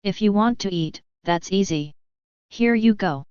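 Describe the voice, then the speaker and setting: A woman's voice: mid-range voice, unhurried, a little mellow, clean tone, no echo, close to an everyday voice. A woman voicing a cocky young male wizard who coaxes and commands a monster in an audiobook. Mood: commanding. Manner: commanding, coaxing. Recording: dry, slightly dull lo-fi.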